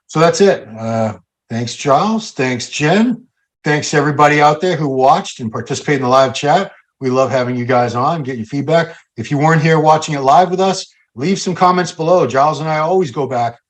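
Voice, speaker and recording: Brief: American male podcast host, chatty and upbeat, slightly high pitch. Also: fairly quick. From United States. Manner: upbeat, chatty sign-off patter. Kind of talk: casual podcast chat.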